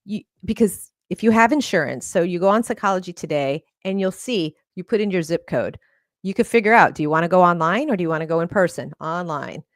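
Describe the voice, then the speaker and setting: A woman's voice: lowish voice, expressive, brisk, no room sound, clean studio sound. A woman therapist, a guest on a podcast, talking in an earnest, encouraging way. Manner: earnest, encouraging, laughs often. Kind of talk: casual interview talk.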